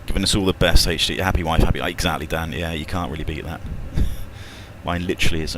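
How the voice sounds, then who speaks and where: A man's voice: deep voice, fairly even intonation, fast talker, background noise. A British man, an airline pilot, chatting and joking casually over voice chat while running checklists aloud, with mild swearing. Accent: British English. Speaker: airline pilot streaming a flight simulator.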